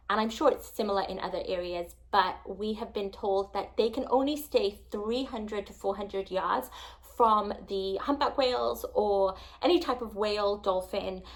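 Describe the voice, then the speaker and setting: A young woman tells a travel story to her camera with rising excitement. She sounds close to tears and sometimes drops to a hushed whisper. Her voice sits a little high. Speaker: travel vlogger.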